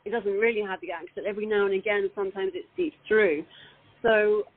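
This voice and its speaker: A woman's voice: mid-range voice, brisk. A British woman, an actress, chatting animatedly in an interview, with frequent restarts. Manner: animated, laughing, many restarts. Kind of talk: casual interview chat. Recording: phone-like call audio.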